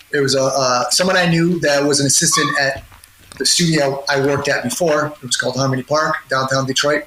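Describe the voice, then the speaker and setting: Rambling man in a roomy, noisy room. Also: on the high side. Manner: rambling, laughing, many restarts and quoted voices. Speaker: music producer guest. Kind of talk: casual storytelling in a podcast interview. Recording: roomy sound with noticeable noise.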